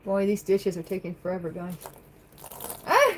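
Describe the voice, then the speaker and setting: A woman's voice: mid-range voice, moderate pace, darkish tone, slight background noise, low-quality recording. A woman chatting on a livestream from her home, reading viewer comments aloud and answering them in a rambling way. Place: home, at the kitchen sink.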